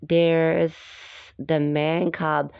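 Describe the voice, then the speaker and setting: A woman voicing a sly, hungry male snake who speaks slowly and coaxingly in a storybook reading. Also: sits low, flat delivery, creaky, clean tone, full character voice. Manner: slow, coaxing, hissing. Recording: dull, dry lo-fi recording.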